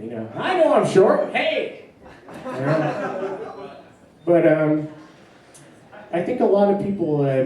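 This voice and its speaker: Young guy doing standup, slow halting deadpan, echoey club, crowd laughing. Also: a little high, distant mic. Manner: halting, deadpan with filler words. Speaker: stand-up comedian. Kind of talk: stand-up comedy set. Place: comedy club stage. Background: audience laughter.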